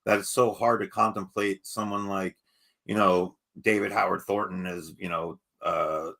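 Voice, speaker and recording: A man's voice: sits low, fairly even intonation, moderate pace, gravelly, bright, forceful tone. A man co-hosting a podcast, chatting casually in a laid-back, rambling way with lots of filler phrases. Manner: laid-back, rambling, says "you know what I mean". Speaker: podcast co-host. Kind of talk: casual chat.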